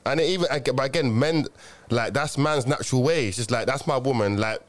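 A young man in casual group chat, talking quickly with lots of slang and restarts. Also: medium pitch.

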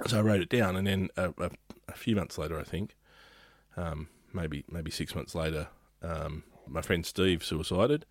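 Very deep-voiced Australian man, dry sound. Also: moderate pace, no room sound. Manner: rambling, restarts often, laughs easily. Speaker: podcast host. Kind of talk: casual podcast chat.

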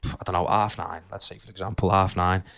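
A man's voice: deep voice, little pitch movement, a little fast, vocal fry, fairly bright tone. A young man with a Liverpool accent chatting casually and swearing freely on a podcast. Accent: Liverpool (Scouse). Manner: swears freely, chatty, rambling, laughs often. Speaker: podcast co-host. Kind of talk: casual chat.

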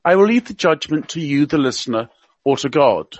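A man's voice: on the high side, expressive, fairly quick, no echo. A man with a slight received pronunciation accent reading a wry, scripted humorous piece as a radio guest. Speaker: guest commentator. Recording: dull, dry lo-fi sound.

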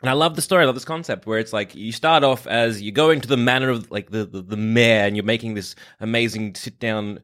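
A man's voice: mid-range voice, fairly quick, hardly any pauses, fairly bright tone. A man co-hosting a casual podcast chat, rambling and hesitant with chuckles. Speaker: podcast co-host.

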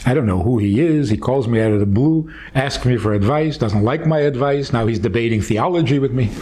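A man's voice: mid-range voice, brisk, dark tone, a little hiss or hum. A man speaking as a rabbi, giving a teaching talk in a conversational, wry way with stories woven in.

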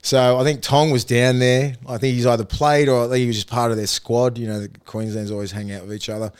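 Swearing Australian bloke telling stories. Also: male voice, medium pitch, level tone, quick pace, clear, resonant tone. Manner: profane, laughing, rambling anecdotes. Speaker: former rugby league player, guest. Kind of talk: casual storytelling in a podcast chat.

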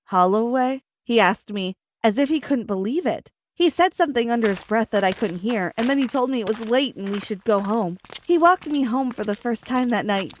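A young woman narrating a first-person story, acting out the quoted lines with a rising pitch. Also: animated, moderate pace, hardly any pauses, dry recording.

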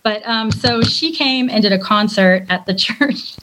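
A woman's voice: mid-range voice, unhurried, noisy background. Woman guest, chatty storyteller, self-deprecating, laughs often, podcast interview. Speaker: guest singer and former worship leader.

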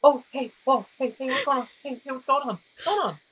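A man's voice: extremely high pitch, quick pace, a bit bright, slightly rough, voice pushed up, full character voice. A man voicing a panicked young man on the phone in a tabletop game, repeating himself frantically. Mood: frantic. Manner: frantic, repeating "hey" over and over.

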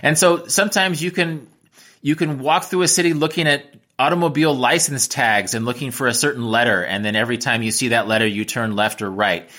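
Bright-voiced American man, reflective. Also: medium pitch, fairly even intonation, brisk. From United States. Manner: reflective, with frequent restarts. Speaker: travel writer and teacher. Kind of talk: interview answers.

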